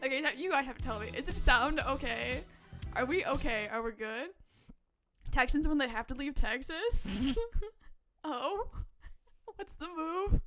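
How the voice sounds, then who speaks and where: Young woman streamer, high-pitched and giggly, unhurried playful chat over faint music. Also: pushed and bright. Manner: giggly, laughs often between lines; playful, swearing, reads and answers chat. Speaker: live streamer. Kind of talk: casual live-stream chat.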